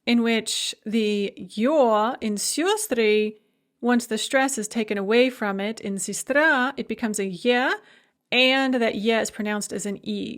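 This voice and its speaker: A woman's voice: fairly high pitch, a little slow. A woman giving a recorded language lecture, explaining rules step by step and modeling each example word aloud. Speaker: language instructor.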